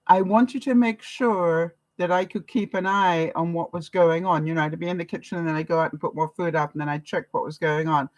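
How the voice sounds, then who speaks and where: Fairly low-pitched and fairly quick, this older Canadian vlogger barely pauses, and the recording is poor with no room sound. She talks casually to camera, swapping stories, laughing frequently, and varying her loudness in a lively way.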